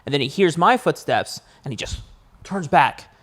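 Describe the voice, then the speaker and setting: Animated young man telling a story. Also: moderate pace, breathy edge. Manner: animated storyteller, rises high acting out panic. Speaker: podcast co-host. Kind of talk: casual storytelling chat.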